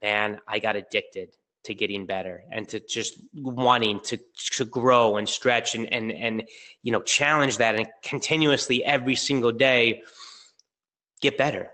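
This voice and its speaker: Bright-voiced man telling a coaching story. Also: medium pitch, a little slow. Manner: energetic storytelling, acting out both sides of a dialogue. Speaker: business coach. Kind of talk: motivational webinar talk.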